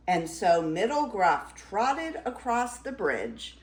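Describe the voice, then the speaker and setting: Older woman, grandmotherly storyteller, very slow and expressive, echoey room. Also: mid-range voice. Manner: expressive, slow dramatic reading. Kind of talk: reading a fairy tale aloud. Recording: roomy echo.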